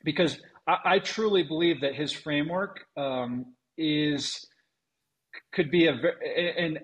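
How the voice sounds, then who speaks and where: A man, a venture investor, answering interview questions in a halting, thoughtful way with many ums and restarts. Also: a little high, rough recording.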